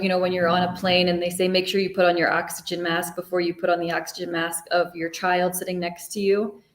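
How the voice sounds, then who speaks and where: A woman's voice: medium pitch, reverberant. A woman therapist talking through ideas in a casual discussion, with many filler words. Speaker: therapist guest.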